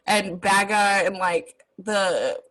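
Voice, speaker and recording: A woman's voice: mid-range voice, slow, fairly bright tone, rough recording. Chatty woman podcast co-host. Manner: chatty, many fillers and restarts. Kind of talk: casual chat.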